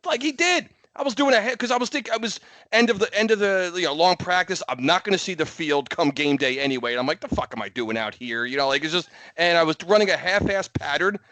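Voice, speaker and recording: A man's voice: high voice, quick pace, sharp tone, no echo. A man co-hosting a casual sports podcast, telling stories full of "like" fillers. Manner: rambling storyteller, many "like" fillers. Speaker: podcast co-host. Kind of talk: casual chat.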